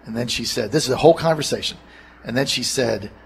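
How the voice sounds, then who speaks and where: A male radio host with a voice of middling pitch talks bluntly, sliding into long anecdotes. A faint hiss of noise sits underneath. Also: normal speed, gravelly, fairly bright tone. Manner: blunt, storytelling. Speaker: radio talk show host. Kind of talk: radio talk show. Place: radio studio.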